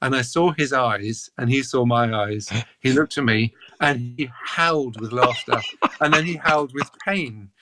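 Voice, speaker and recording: A man with an English accent, a guest cellist telling animated stories in a podcast interview. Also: mid-range voice, moderate pace. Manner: animated anecdotes, breaks into laughter.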